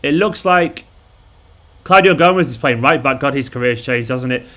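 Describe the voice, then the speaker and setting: A man's voice: mid-range voice, moderate pace, bright, forceful tone. A man, chatting casually and rambling as the host of a live watchalong and answering viewers' messages. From Manchester, England. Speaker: fan channel host.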